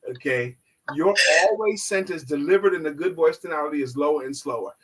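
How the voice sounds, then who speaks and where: A man with a fairly high, husky voice gives sales coaching on a live online show. He teaches in an instructive, emphatic way. Now and then he drops his voice low and slow to demonstrate. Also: rough recording.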